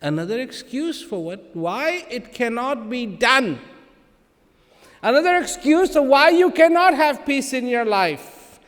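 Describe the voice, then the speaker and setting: A man with a very high voice addresses a live audience in a big hall, and long reverb trails his words. He speaks slowly and emphatically yet lively, using playful humor and dramatic pauses.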